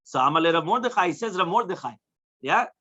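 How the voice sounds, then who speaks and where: Fast-talking rabbi giving a Talmud class. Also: male voice, high-pitched, animated, pushed and bright. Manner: translates phrase by phrase, checks in with "right?". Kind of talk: Talmud study lecture. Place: class with students present. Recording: dull lo-fi recording.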